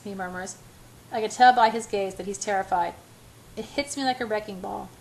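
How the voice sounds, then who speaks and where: A woman's voice: medium pitch, fairly quick, darkish tone, slight background noise, rough recording. A woman reading a first-person romance novel aloud in a breathless, emotional way. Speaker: audiobook reader.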